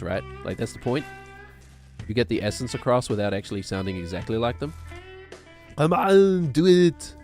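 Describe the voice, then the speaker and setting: A man streaming a video game, rambling and joking offhandedly as he plays. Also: fairly low pitch. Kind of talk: gaming stream commentary.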